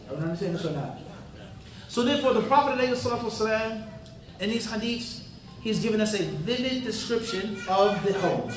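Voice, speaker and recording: A man's voice: sits high, fairly bright tone. A man giving an interactive religious lecture in a mosque hall, constantly quizzing the audience with fill-in-the-blank questions and tossing in casual street-talk asides. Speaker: Islamic teacher. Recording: roomy hall, mic at a distance.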